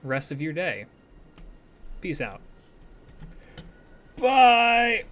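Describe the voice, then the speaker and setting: A man's voice: fairly high pitch, lively intonation, moderate pace, over a noisy crowd. A man streamer talking casually and animatedly to his viewers, swearing freely as he rambles through opinions and sign-offs.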